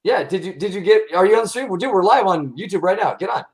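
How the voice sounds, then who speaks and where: High-voiced, profane livestream host. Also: male voice, fast. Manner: profane, rambling, excitable. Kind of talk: casual livestream chat.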